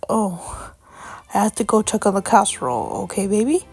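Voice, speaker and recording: A woman's voice: mid-range voice, normal speed, darkish tone, soft background music, lightly acted. A woman voicing a firm, scolding father in a children's story. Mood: gentle. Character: stern strict father, patient but firm.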